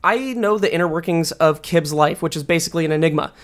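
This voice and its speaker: Young woman, podcast host, casual chat, lowish voice, rapid talk, wry, blunt. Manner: fast, offhand, wry and blunt.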